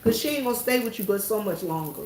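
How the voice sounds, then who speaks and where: A woman's voice: medium pitch, lively intonation, quick pace, darkish tone, roomy sound, slight background noise. A Southern woman chatting to her viewers in a folksy, storytelling way, alone in an empty church. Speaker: church worker and vlogger. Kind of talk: casual chat to viewers.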